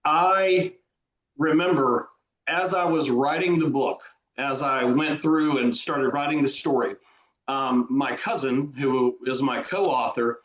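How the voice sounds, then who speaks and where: A man with a Southern drawl, a guest author talking casually in an interview, slow and full of restarts. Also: medium pitch, a bit bright, highs cut off. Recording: roomy echo.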